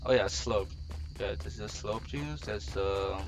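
Brief: lowish-voiced male streamer on a headset, slangy and teasing, heavy noise underneath. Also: unhurried. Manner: slangy, teasing, says "bro" constantly. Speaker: streamer playing online. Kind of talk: casual gaming chat. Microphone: gaming headset. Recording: loud background noise.

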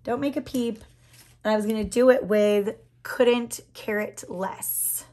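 A woman in her thirties with a hoarse, scratchy voice that drops into whispers, chatting and gushing while doing her nails. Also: fairly high pitch, a little slow, darkish tone. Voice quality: breaks into whispers. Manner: chatty, gushing, many fillers. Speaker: nail vlogger. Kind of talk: casual chat while doing a manicure.

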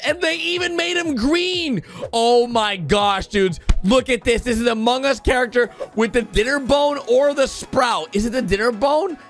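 A man giving excited reaction commentary as a video host, full of exclamations. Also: high-pitched, creaky. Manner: excitable, exclaiming, quick gasps and laughs. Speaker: YouTube host.

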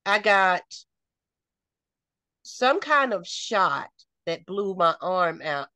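A woman's voice: fairly low pitch, big pitch swings, very slow, bright, forceful tone, no echo. A middle-aged woman from North Carolina with a Southern accent, retelling a personal story in conversation and acting out the quoted dialogue. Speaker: interview guest.

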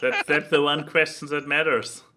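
A man co-hosting a podcast in casual chat, halting and repeating words as he thinks. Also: on the high side, fairly even intonation, background noise. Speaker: podcast co-host.

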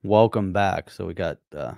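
A man's voice: deep voice, normal speed, gravelly, darkish tone, no echo, clean studio sound. A man from the United States co-hosting a live podcast stream, easygoing and often laughing. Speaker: podcast co-host. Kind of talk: casual live-stream chat.

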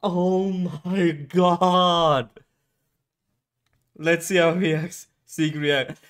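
A man hosting an anime reaction video, excitable, with gasps, drawn-out exclamations and stumbling restarts when agitated. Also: fairly high pitch, clean tone. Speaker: anime reaction channel host.

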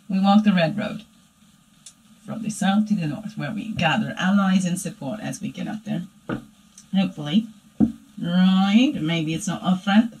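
A woman voicing her own playful alter-ego dark side, giving a rambling, chatty spiritual reading that keeps asking "right?". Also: medium pitch, close to an everyday voice, poor audio. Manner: rambling and chatty, tagging "right?" onto lines. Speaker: spiritual reader. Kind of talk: spiritual daily energy reading.

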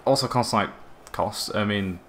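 A man's voice: fairly low pitch, a little slow, fairly bright tone. A teenage boy streaming a football game, chatting and joking in a rambling way. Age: teens. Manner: chatty, jokey, rambling banter. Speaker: gaming streamer. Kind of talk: casual live-stream chat.

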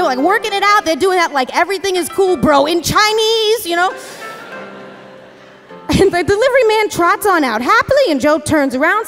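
A woman telling a story live on a theater stage, fast and chatty, full of "like" and "you know.". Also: very high-pitched, a bit bright. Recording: live theater hall reverb, faint music.

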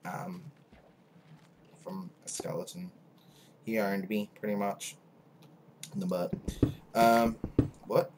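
Young male game commentator, low voice, heavy hiss and clicks behind. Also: steady tone, slow, long pauses. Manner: rambling, filler-heavy, self-mocking. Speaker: gaming channel host. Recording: loud background noise, mouse clicks.

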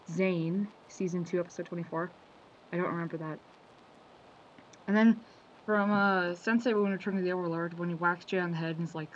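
A man's voice: sits high, steady tone, brisk, long pauses. A man casually talking through a quotes compilation for his video, rambling, losing his train of thought and correcting himself. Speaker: video creator. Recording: slightly dull lo-fi audio with faint background noise.

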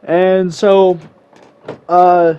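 A man's voice: high voice, flat delivery, very slow, smooth. A young man casually telling a story as a vlogger, slangy and rambling, with sudden exasperated outbursts. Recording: slightly muffled lo-fi recording.

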